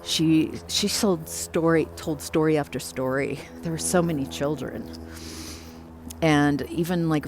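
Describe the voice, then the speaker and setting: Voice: mid-range voice, a little mellow, a little hiss or hum. A psychic medium casually telling a first-person ghost story, reflective and loose, with filler words.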